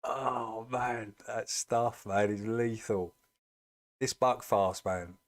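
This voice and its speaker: A man's voice: lowish voice, slow. A man chatting casually as he reacts to a video, amused and laughing easily.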